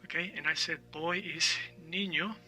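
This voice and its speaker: A man with a very bright, slightly high voice teaches an online language lesson. He explains step by step, repeats words for practice and keeps checking in with his listeners. He sounds a little far from the mic, with faint music underneath. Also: steady tone, normal speed. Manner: explanatory, repeats words for drill, frequent "all right?".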